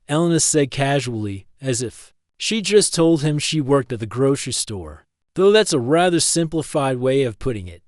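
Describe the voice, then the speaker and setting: A man reading a scripted story as the narrator in a steady, even way. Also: medium pitch, normal speed, dry recording, studio quality.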